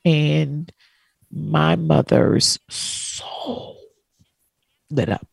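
A woman co-hosting a talk show, telling a heartfelt personal story and quoting others in soft voices. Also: sits low, lively intonation, drawn-out words, creaky, breathy edge, no room sound. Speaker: co-host. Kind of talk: emotional personal story, casual chat.

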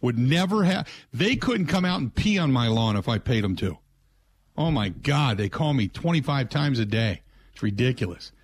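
A man's voice: medium pitch, normal speed, husky. A man hosting a sports talk radio show, chatting casually and ranting in exasperation. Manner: exasperated, ranting, animated storytelling.

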